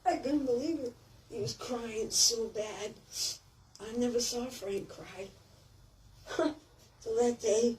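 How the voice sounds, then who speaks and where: A woman's voice: a little high, slow, pauses often, darkish tone, far from the mic, slight background noise, poor audio. An older woman giving a rambling, blunt and profane off-the-cuff speech as an author at a book signing in a thrift shop.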